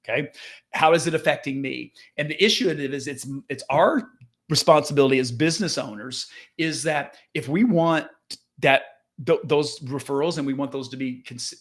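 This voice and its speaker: Middle-aged male coach, fairly high voice, loose rambling storyteller who acts out the dialogue. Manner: rambling, many restarts, lively quoted dialogue. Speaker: business coach and real estate agent. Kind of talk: casual storytelling monologue.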